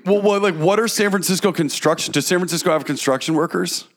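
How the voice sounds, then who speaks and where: A man chatting casually with friends, rambling and joking, slipping into quick impressions of locals. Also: high-pitched, a bit bright. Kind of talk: casual chat.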